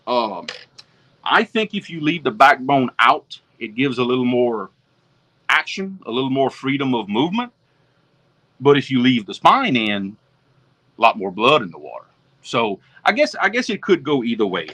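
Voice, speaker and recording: A man with a Louisiana Southern accent hosts a casual livestream, walking viewers through each step in a folksy, easygoing way. His voice has a bright, forceful edge at a middle pitch. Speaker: fishing show host.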